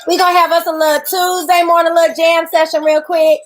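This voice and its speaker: A woman's voice: extremely high pitch, level tone, fairly quick. A woman hosting a live morning chat show in a casual, playful way. She greets viewers by name and laughs often. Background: faint jazz music.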